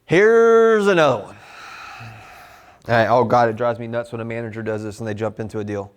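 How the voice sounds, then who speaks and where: A man teaching a live sales training class in a casual, animated way, slipping into short customer role-plays. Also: medium pitch, brisk, clear, resonant tone. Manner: animated, conversational, drops into customer role-play.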